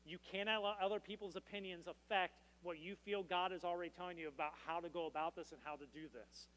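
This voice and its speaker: A man's voice: sits high, steady tone, fast talker, a bit bright. A man preaching a sermon as pastor, with a casual, joking storytelling manner. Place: church. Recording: long reverb in a church hall.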